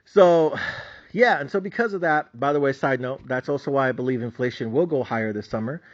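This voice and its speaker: A man's voice: medium pitch, fairly quick. A middle-aged man, a stock market trader, ranting in a boastful, mocking manner and swearing constantly. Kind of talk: profane unscripted rant. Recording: dull lo-fi audio.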